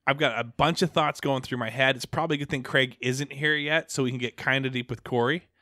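A man's voice: mid-range voice, steady tone, brisk, sharp tone, dry recording, clean studio sound. A young man hosting a casual podcast, rambling with lots of fillers and restarts, a little out of breath. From Pacific Northwest. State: slightly out of breath. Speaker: podcast host.

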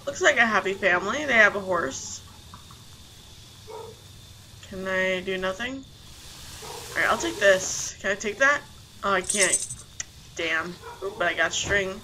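A woman's voice: medium pitch, animated, measured pace, long pauses, pushed and bright, a little hiss or hum, poor audio. A woman playing a video game and commenting casually, thinking aloud and easily startled.

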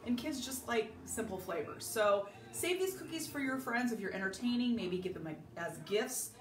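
A woman's voice: a little high, animated, normal speed, echoey room, recorded from a distance, a little hiss or hum. A middle-aged woman from Southern California hosting a casual live baking demo, chatty and rambling, greeting viewers by name. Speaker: home cook hosting a live baking video. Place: home kitchen.

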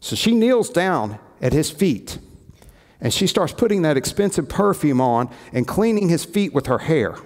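A man's voice: a little high, darkish tone. A male pastor preaching a sermon, telling stories and acting out the quoted lines. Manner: storytelling, acts out quoted lines. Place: church sanctuary. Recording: echoey church hall.

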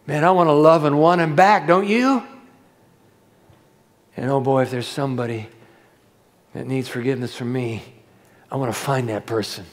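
A male pastor telling a sermon story to a live audience, dramatic and swinging from hushed to loud, with rhetorical questions. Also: medium pitch, normal speed, long pauses, in a large hall.

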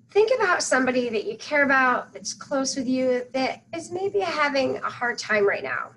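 A woman leading a guided loving-kindness meditation, giving soft, soothing instructions with long pauses. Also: on the high side, a little hiss or hum, poor audio.

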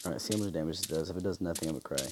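A man's voice: sits low, rapid-fire. A young man casually commenting on his own shooter gameplay, slangy and trash-talking, joking at himself. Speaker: gamer. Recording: noisy game audio behind.

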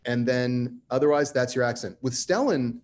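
Male panelist, mid pitch, emphatic chatty delivery. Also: normal speed, a little mellow. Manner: conversational, emphatic, self-deprecating humor. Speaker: writer on a panel. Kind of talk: panel discussion.

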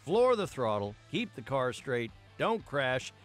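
A man's voice: medium pitch, big pitch swings, slow, soft background music. A man voicing an encouraging male racing team guide in a game, giving instructions. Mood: instructive. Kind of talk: game voice-over.

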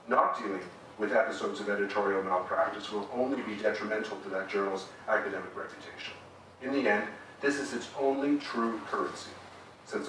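A man making a formal debate speech in a lecture hall, measured and emphatic, with wry asides. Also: on the low side, sharp tone, a little hiss or hum. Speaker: debate speaker. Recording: echoey hall recorded from far off.

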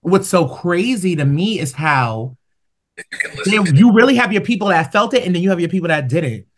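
A woman hosting a podcast, telling stories in casual chat and acting out quotes with big jumps in pitch. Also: expressive, normal speed. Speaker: podcast host.

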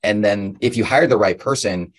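Brief: low, husky man, casual coach host, rambling and animated. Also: moderate pace. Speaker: host, real estate coach. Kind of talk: interview conversation.

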